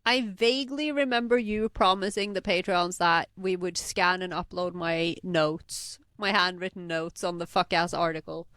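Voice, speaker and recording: A woman's voice: fairly low pitch, fairly even intonation, normal speed, hardly any pauses, fairly bright tone, no echo, clean studio sound. A woman co-hosting a podcast, chatting casually in English with teasing, giggly banter. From Norway. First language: Norwegian. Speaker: podcast co-host.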